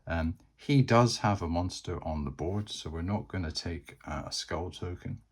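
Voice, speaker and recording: A man's voice: deep voice, normal speed, breathy edge. A man narrating a solo board game, chatty and thinking aloud as he plays.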